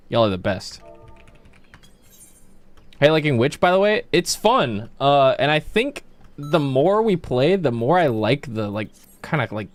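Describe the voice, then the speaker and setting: A man's voice: medium pitch, no room sound. A man casually chatting on his livestream while gaming, rambling with plenty of fillers, restarts and swearing.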